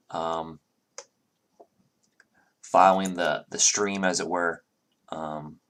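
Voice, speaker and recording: A man with a low, deep voice runs a tabletop game as dungeon master. He narrates the scene in a halting way, stopping often with ums and starting his sentences over. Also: a bit bright. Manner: halting, full of ums and restarts.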